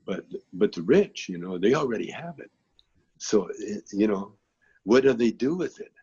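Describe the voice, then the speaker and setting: A man's voice: lowish voice, sing-song, normal speed, darkish tone, slightly rough, muffled recording. A man being interviewed who tells long, rambling stories in a laid-back way, with plenty of filler phrases. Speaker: guest, actor and comedian.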